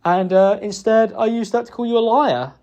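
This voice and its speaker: Through a muffled recording, a young man whose dark-toned voice sits high stumbles through a private apology to his partner. He is halting and full of remorse, using fillers and swear words.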